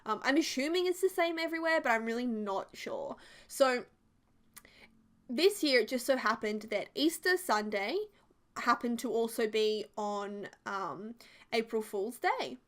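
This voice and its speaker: A woman, casually telling a story, chatty and animated with lots of "like". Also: a little high, measured pace. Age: 20s. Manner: chatty and animated, heavy use of "like". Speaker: video creator. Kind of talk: casual storytelling over a build video.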